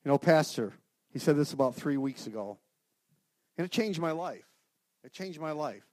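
A middle-aged man giving an informal, earnest sermon to a men's group, swinging from loud outbursts to hushed prayer. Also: on the high side, lively intonation, moderate pace, dry recording, studio quality. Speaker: lay speaker at a men's gathering.

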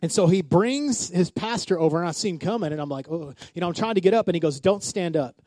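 A male pastor, around his forties, preaches in a lively storytelling way, voicing the people in his anecdotes and calling on the congregation to answer back. His voice sits high for a man. The sound is dry, with almost no room echo. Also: quick pace. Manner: storytelling with acted-out quotes, call-and-response. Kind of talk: sermon.

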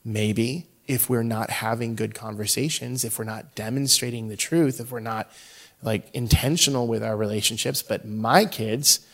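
A man in his thirties with a gravelly edge to his mid-range voice tells a personal story from the pulpit. His delivery is chatty and humorous, and he slips into the voices of the people in his story. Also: mid-range voice, moderate pace, a bit bright. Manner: conversational and humorous, acts out quoted dialogue. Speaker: speaker, father. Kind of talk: storytelling sermon.

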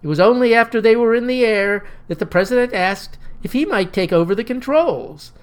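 A man narrating a satirical story in a wry, deadpan, mock-heroic tone. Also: high voice, fairly quick, clean tone. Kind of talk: satirical storytelling with voiced dialogue.

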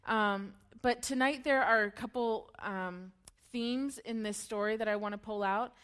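A woman's voice: a little high, unhurried, a bit bright, clean tone. A young woman giving a casual, playful sermon, retelling a story in slangy voices and laughing often.

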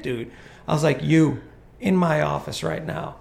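Gravelly, slightly high male host, profane and animated, echoey room. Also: unhurried. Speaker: podcast host, golf course superintendent. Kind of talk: casual storytelling chat.

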